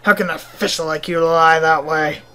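A woman's voice: low-pitched, steady tone, moderate pace, bright, forceful tone, clear, resonant tone. A woman voicing a blustering, stuffy old male bomb sailor who talks in a huffy, formal way. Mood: indignant.

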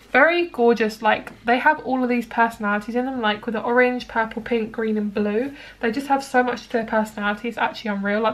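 A young woman chatting casually through a tarot reading, rambling with lots of fillers. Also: a little high. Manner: chatty, rambling, many likes and ums. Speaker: tarot card reader.

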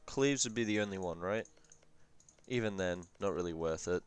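A man's voice: low voice, moderate pace, smooth. Profane, rambling young man reviewing a game. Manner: profane, rambling, joking asides. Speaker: gaming commentator. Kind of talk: casual strategy game review.

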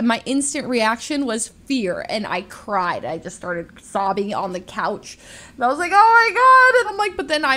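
A young woman streamer telling a story to her chat in a casual, animated way, with lots of restarts and quick jumps into high-pitched quoted voices.

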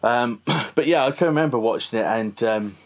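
A man's voice: medium pitch, normal speed. A man hosting a casual film podcast, chatty and laughing often. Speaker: podcast host.

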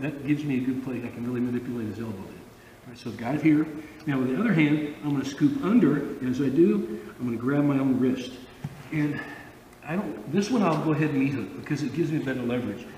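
A man's voice: fairly high pitch, darkish tone, recorded from a distance, a little hiss or hum. Man teaching judo in an echoey hall. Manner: informal, repeats himself, frequent okay checks. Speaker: judo instructor. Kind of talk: instructional demonstration and commentary.

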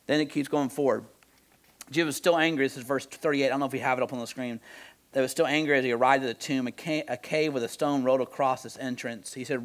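A male pastor preaching a conversational sermon in church, moving between soft, slow emphasis and animated outbursts. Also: medium pitch. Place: church sanctuary.

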